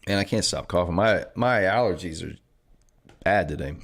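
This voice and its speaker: A man hosting a trading live stream, chatting casually and reading viewer comments in a rambling, offhand way. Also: deep voice. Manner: rambling, offhand, self-correcting.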